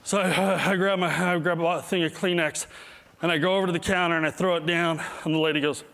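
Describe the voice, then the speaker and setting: A man's voice: fairly high pitch, fairly even intonation, brisk, vocal fry, fairly bright tone. A middle-aged man giving a humorous keynote talk, self-deprecating, acting out his own reactions as he tells stories. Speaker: motivational speaker. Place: large hall before an audience. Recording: long hall reverb.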